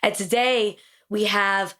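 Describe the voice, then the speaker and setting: A woman hosting a podcast in casual chat, sick and losing her voice, talking with quick restarts. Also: mid-range voice, steady tone, fairly bright tone. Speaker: podcast host.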